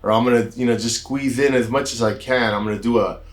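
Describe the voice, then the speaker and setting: Speaking quickly at a medium pitch, this American man, a doctor with a health channel, wanders casually through a personal anecdote. His delivery is loose and easygoing, sprinkled with "kinda" and "you know" asides.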